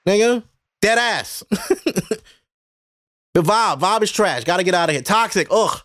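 A high-pitched man with a New York accent rants casually as a podcast host, profane and exasperated as he rambles from one gripe to the next. The recording is dry and close, with no room sound. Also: expressive, a little slow, fairly bright tone, no room sound. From Brooklyn, New York. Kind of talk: casual ranting monologue.

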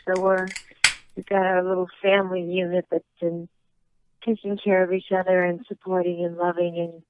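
A woman guest chatting over the phone, relaxed and laughing between stories. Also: lowish voice, moderate pace, very noisy. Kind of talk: casual phone interview. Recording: tinny phone line.

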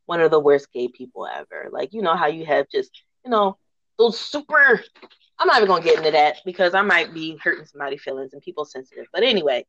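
A woman hosting a podcast, telling rant stories in a lively, slangy, laughing way. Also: low voice, quick pace, no room sound. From northern United States. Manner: animated, slangy, laughing storyteller. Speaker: podcast host. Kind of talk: casual storytelling rant. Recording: dull lo-fi recording.

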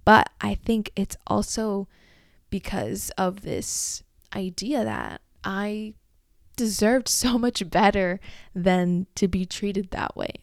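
A woman's voice: mid-range voice, animated, slow, vocal fry, no echo, clean studio sound. A young woman in her twenties hosting a solo podcast, talking candidly and emotionally about a breakup and swearing freely. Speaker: podcast host.

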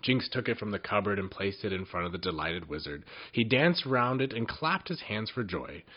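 Husky man reading a children's story. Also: lowish voice, sing-song, normal speed. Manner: gentle reading with small slips and restarts. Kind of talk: children's story read aloud. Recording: dull lo-fi recording.

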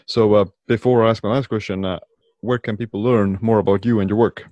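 A man's voice: fairly low pitch, steady tone, brisk, warm tone, no echo, highs cut off. A man hosting an interview, easygoing, with lots of "like" and "uh" as he goes. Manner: easygoing, hedging with "like" and "uh". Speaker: podcast host.

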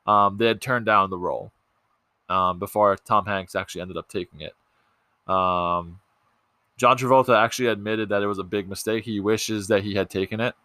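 A man's voice: lowish voice, steady tone, moderate pace, sharp tone, no echo. A young man hosting a casual movie podcast, chatty and loose, with lots of ums and restarts. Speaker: podcast host.

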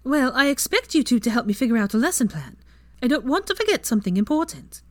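A woman voicing a bossy, teasing young witch, raised in pitch, in a fan fiction reading. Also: very animated, no echo. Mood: brisk. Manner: brisk, commanding, mock-sweet when acting posh.

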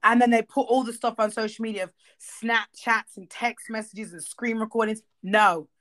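A woman co-hosting a casual chat, emphatic and blunt, swearing freely and getting animated as she makes her point. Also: on the high side, normal speed. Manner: animated, acts out quoted voices.

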